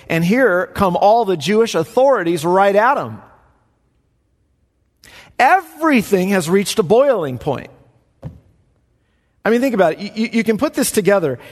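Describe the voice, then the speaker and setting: A man preaching a sermon as pastor in a church, talking to the congregation in a conversational way and rising into emphatic bursts. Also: high voice. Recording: echoey hall with long reverb.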